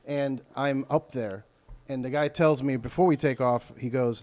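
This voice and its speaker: A man guesting on a podcast, telling a story in a loose, animated way and acting out other people's voices. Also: medium pitch, normal speed. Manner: animated, acts out voices and yells mid-story. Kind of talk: casual storytelling.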